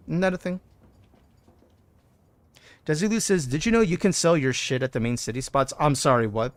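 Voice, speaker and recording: Excitable man streaming a game. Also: on the high side, moderate pace, pauses often, no room sound. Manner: excitable, chatty, keeps saying "dude"; reads out and answers chat messages. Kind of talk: casual live gameplay commentary.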